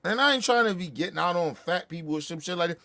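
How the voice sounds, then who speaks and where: Guy going off on a furious cussing rant, kinda high voice, dry close sound. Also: animated, fast, vocal fry, no echo. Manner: angry, profane, shouting bursts. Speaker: show host. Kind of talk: heated political rant.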